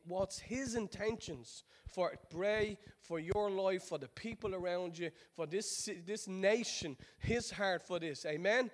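A man from Ireland with an Irish accent, preaching a sermon in a chatty, joking storytelling way that drops into quiet prayer. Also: sits high. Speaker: pastor.

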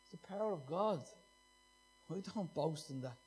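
A man's voice: on the high side, lively intonation, moderate pace, a little mellow, a little hiss or hum. A middle-aged man preaching a sermon, impassioned and repeating phrases for emphasis.

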